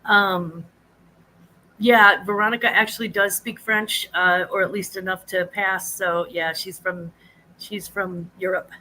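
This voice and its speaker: A chatty woman hosts a casual livestream, her voice bright and forward. She rambles from one thought to the next and greets her viewers by name in a high sing-song. A faint hum of room ambience sits under her voice. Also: fairly even intonation, measured pace, rough recording. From United States. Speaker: livestream host. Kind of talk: casual live chat with viewers.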